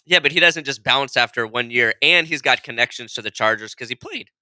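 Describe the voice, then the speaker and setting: Smooth bright-toned hesitant co-host. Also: male voice, mid-range voice, no echo. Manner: hesitant, agreeable, quick asides. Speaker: sports radio co-host. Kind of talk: casual sports talk.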